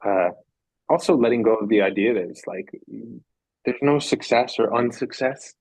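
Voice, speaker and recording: A man's voice: medium pitch, moderate pace, a little mellow, no echo, low-quality recording. A man talking as a podcast guest in a reflective, casual way, earnest and rambling, repeating phrases for emphasis.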